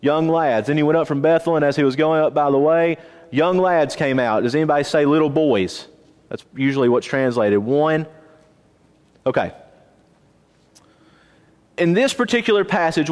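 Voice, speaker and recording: A man teaching a Bible class in a church auditorium, lively and questioning his listeners. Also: a little high. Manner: animated, asks the class questions. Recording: long reverb of a church auditorium.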